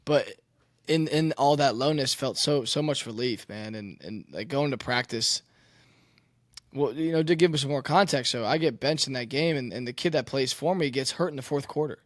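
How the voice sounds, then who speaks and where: A man's voice: mid-range voice, normal speed, no echo, studio quality. A young man who plays college quarterback, telling his story candidly and emotionally, swearing and saying "man". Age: young adult.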